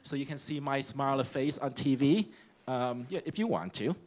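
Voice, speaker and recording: A middle-aged man with a Vietnamese accent, giving a humorous personal speech to an audience as a panel speaker, animated and bursting into loud emphatic exclamations. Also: mid-range voice, moderate pace. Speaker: panel speaker, school principal.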